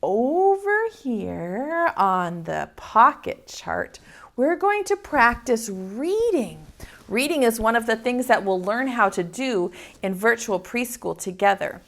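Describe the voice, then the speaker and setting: A woman leads preschool circle time, her voice lively and swooping up and down as she sings and reads with little ones. She talks slowly and patiently, coaxing children to join in. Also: a little high, vocal fry. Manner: slow, sing-song, encouraging talk to small children. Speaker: preschool teacher.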